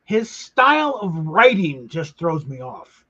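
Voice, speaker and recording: A man's voice: fairly high pitch, sing-song, slow, pushed and bright, slightly rough, muffled recording. A laid-back man chatting casually while gaming, now and then swearing at the game.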